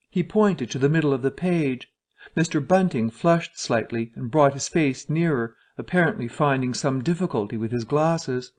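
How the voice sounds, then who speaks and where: A man's voice: medium pitch, moderate pace. Man reading a story aloud. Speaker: narrator. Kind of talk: scripted story reading for English learners.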